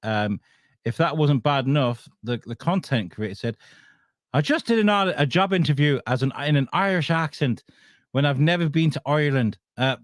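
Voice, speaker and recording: A man's voice: medium pitch, moderate pace, dry recording, studio quality. A man co-hosting a podcast in casual banter, reading out stories with laughs and swearing. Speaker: podcast co-host.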